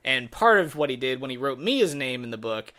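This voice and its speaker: Man, movie reviewer, sarcastic, exasperated, bright tone, mid pitch. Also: sing-song, fairly quick. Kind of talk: casual spoken review.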